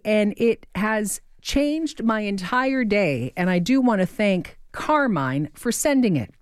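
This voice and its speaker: A woman's voice: on the low side, darkish tone, dry recording. A woman hosting an afternoon radio show, reading a listener's email aloud in a heartfelt way, moved to tears, on a studio microphone. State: tearing up. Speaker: radio host. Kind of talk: radio host talk between songs.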